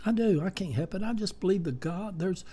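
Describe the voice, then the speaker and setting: A man's voice: high-pitched, animated, brisk, mellow. A man, telling stories in a rambling, folksy way with many fillers. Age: 70s. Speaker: vlogger. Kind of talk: casual monologue.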